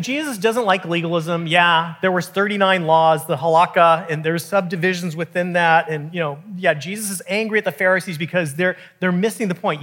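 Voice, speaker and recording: Husky high-voiced male preacher. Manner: conversational, animated preaching with restarts. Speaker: pastor. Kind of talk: sermon.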